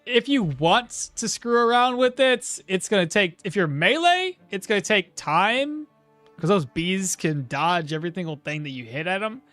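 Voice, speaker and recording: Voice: medium pitch, lively intonation, moderate pace, a bit bright, no echo, faint music behind. A gameplay streamer giving casual commentary, chatting with viewers, reading out chat and laughing at their own jokes.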